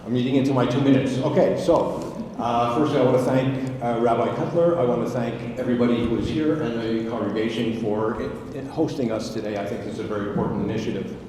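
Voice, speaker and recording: A man in his sixties, an election candidate, giving a measured, earnest opening statement at a debate. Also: medium pitch, dark tone. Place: synagogue hall with audience. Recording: echoey hall, distant mic, faint noise.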